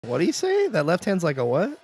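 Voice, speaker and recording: A man co-hosting a podcast, reacting excitedly to a film as it plays in a commentary track and laughing often. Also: sits high, brisk, slightly rough. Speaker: podcast co-host.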